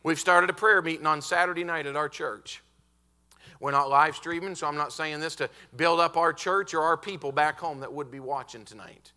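A man preaching a revival sermon as a visiting preacher, emphatic and stretching out key words, building up to shouted peaks in a church auditorium. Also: fairly high pitch. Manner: emphatic, building to shouted climaxes with drawn-out stresses; often says "hey, listen" to the congregation.

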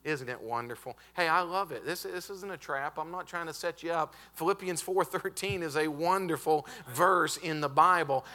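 A man preaching a revival sermon as a visiting preacher, emphatic and stretching out key words, building up to shouted peaks in a church auditorium. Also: a little high. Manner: emphatic, building to shouted climaxes with drawn-out stresses; often says "hey, listen" to the congregation.

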